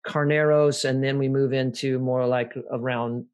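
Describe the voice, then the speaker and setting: A man with a medium-pitched voice hosting a wine tasting. He explains things in a relaxed, conversational way and turns now and then to speak to his listeners. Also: normal speed. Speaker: host.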